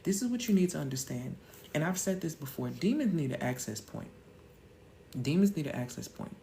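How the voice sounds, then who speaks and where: A woman's voice: low-pitched, very animated, a little fast, vocal fry, mellow. Woman host, live-stream pep talk, emphatic, rhetorical questions, slangy, faint background hiss. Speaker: women's mentor hosting a live stream.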